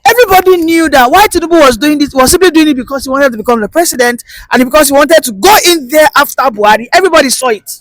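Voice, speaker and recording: A woman's voice: sits high, expressive, fast, hardly any pauses, dry recording, poor audio. A woman delivering impassioned political commentary, emphatic and rhetorical, repeating points for force. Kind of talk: opinion commentary.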